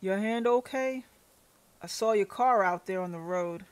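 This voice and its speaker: A woman's voice: medium pitch, clear, resonant tone, close to an everyday voice. A woman doing a drawling small-town sheriff. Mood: concerned. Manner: slow drawl.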